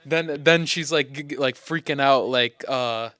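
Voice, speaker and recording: A young man co-hosts a laid-back podcast, retelling stories in a loose, rambling way full of fillers and self-corrections. His voice is smooth and resonant, mid-pitched, recorded close and dry. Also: measured pace, sharp tone, no echo. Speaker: podcast co-host. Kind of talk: casual chat.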